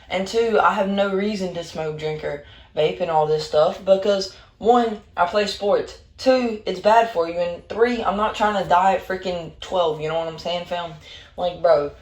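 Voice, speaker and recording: A man narrating a storytime story in a slangy, rambling, animated way. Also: on the high side. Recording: roomy echo.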